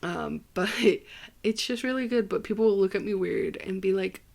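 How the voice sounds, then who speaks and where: A young Ohio man with a Midwestern American accent hosts a casual solo podcast, rambling and cracking self-deprecating jokes. His mid-range voice moves at a normal speed and sounds gravelly and a little mellow.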